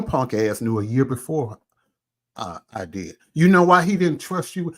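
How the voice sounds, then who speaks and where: A man vlogger delivering an angry, profane call-out rant, swinging from loud outbursts to low muttering and eating as he talks. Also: sing-song, a little slow. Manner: eats while talking. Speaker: commentary vlogger.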